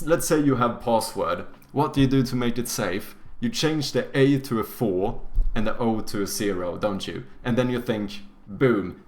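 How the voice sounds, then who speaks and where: A young man streaming video games live, swearing constantly and bursting into loud exclamations. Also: lowish voice. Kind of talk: live-stream gaming commentary.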